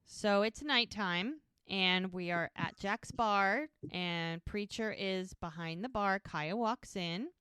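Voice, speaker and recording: A woman's voice: mid-range voice, slow, hardly any pauses, pushed and bright, clear, resonant tone, no echo, clean studio sound. A woman co-hosting a podcast, casually recapping a TV episode and retelling scenes through quoted dialogue. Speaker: podcast co-host.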